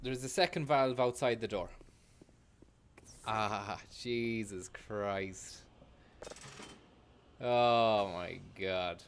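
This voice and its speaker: A man's voice: lowish voice, extremely slow, long pauses, slight background noise. Sweary man streaming a game. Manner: sweary, joking, bursts into shouts. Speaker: gaming streamer. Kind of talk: live gameplay commentary.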